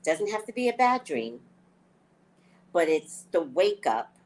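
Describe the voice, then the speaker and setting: A woman hosting a spiritual talk show, telling stories in a casual, animated way, often laughing and acting out her own thoughts. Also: fairly low pitch, unhurried, low-quality recording. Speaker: psychic reader and show host.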